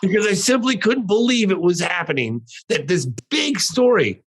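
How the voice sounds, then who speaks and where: A middle-aged American man is a guest on a podcast, recounting events in a fairly high voice. He talks earnestly and with emphasis, insisting over and over that every word is true. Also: very animated, normal speed, low-quality recording. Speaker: guest, documentary filmmaker. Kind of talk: animated storytelling.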